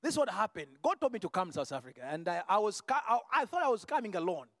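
A male preacher with a strikingly high, bright voice, recorded close and dry with no room around it. He moves fervently from quiet asides to shouted declarations, often repeating a word as he restarts a phrase. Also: very animated, fast talker, dry recording, in a large hall. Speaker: visiting preacher. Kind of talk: sermon with healing testimony.

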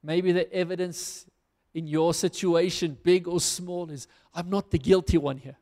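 A man's voice: high-pitched, steady tone, unhurried, mellow, long reverb tail. A man preaching a sermon as a pastor, reading scripture aloud and then applying it earnestly to his listeners.

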